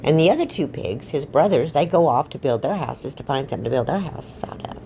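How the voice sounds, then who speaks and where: A woman's voice: deep voice, expressive, fairly quick, background noise. A woman casually retelling a fairy tale with rambling, offhand, irreverent asides. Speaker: storyteller. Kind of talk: casual comic storytelling.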